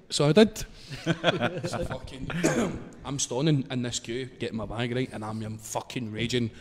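A man's voice: mid-range voice, moderate pace. Sweary Scottish man telling a story. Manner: sweary, laughing, animated storyteller. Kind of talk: casual storytelling chat. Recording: long reverb.

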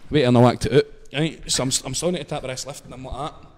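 A man's voice: mid-range voice, steady tone, racing, darkish tone. A man with a Glaswegian accent telling a casual story. He swears freely, laughs as he goes and acts out the scenes. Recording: long reverb in a hall-like room.

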